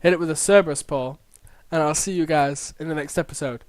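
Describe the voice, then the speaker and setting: A let's play host reading a visual novel aloud, chatting in quick asides and signing off playfully. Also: mid-range voice, no room sound, clean studio sound.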